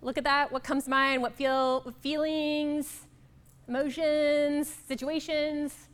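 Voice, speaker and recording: A woman's voice: high voice, little pitch movement, takes it slowly, fairly bright tone. A woman facilitating a workshop, upbeat and affirming as she draws answers from the group. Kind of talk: interactive workshop talk.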